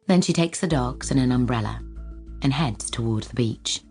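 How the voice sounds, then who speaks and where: A woman audiobook narrator reading a novel in a steady, wry storytelling manner, with a music soundtrack behind her. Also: very deep voice, normal speed. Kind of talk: scripted narration.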